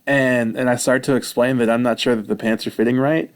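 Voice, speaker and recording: A man vlogging, telling a rambling personal story with self-mocking, animated retelling. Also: mid-range voice, brisk.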